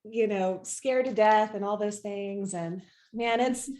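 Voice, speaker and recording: A woman's voice: medium pitch, slow pace, a little mellow, a little hiss or hum. A woman hosting an online workshop over a video call, laughing easily and talking openly about her worries. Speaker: workshop host. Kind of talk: casual chat, then hosting an online workshop.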